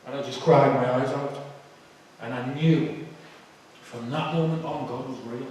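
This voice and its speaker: A man giving an emotional personal testimony, halting and full of fillers. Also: mid-range voice, steady tone, darkish tone, slight background noise. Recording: echoey hall, far from the mic.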